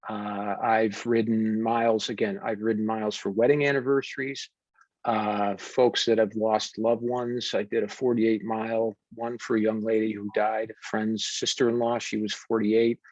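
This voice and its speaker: American male coach, earnest, steady, muffled dry recording. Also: fairly low pitch, dry recording. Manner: warm, deliberate storytelling with frequent fillers. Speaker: wellness coach and podcast guest. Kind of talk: earnest conversational interview. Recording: dull dry remote audio.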